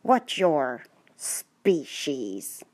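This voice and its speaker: A woman's voice: sits low, big pitch swings, drawn-out words, a little mellow, breathy edge, voice pushed down, exaggerated voice. A woman voicing a traffic cop questioning a plant in a mock-official tone, close to her own voice.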